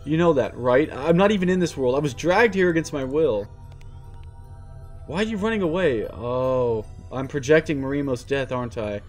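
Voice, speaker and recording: A man reading aloud as a despairing young man, a former high school student trapped in a war, in a pleading, self-pitying way. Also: lively intonation, moderate pace, soft background music, lightly acted. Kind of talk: reading a visual novel aloud.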